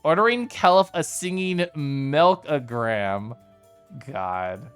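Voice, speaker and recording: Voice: mid-range voice, expressive, slow, clear, resonant tone, soft background music. A livestreamer chatting casually with viewers, telling rambling stories full of fillers and mock outrage. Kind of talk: casual chat with a live stream chat.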